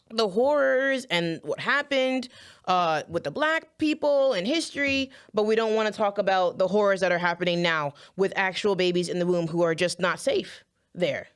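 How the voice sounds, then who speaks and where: A woman's voice: medium pitch, animated, normal speed, clean tone. Woman, impassioned commentary, holding back tears, earnest, repeats phrases. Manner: earnest, emotional, addresses viewers directly, repeats phrases.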